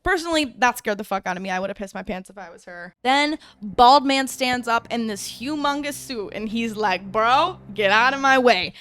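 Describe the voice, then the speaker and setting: Bright-voiced young woman, chatty and profane. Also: on the high side, expressive, a little fast, hardly any pauses, no echo. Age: young adult. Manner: chatty, profane, acts out characters' lines. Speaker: YouTuber recapping a film. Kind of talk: casual comedic movie recap.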